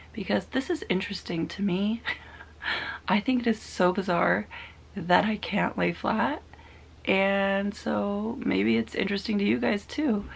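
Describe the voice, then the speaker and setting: A woman in her thirties recording a personal video diary, talking in a soft, halting, confiding way that often drops to a half-whisper. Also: medium pitch, creaky, husky. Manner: emotional, confiding. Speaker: vlogger.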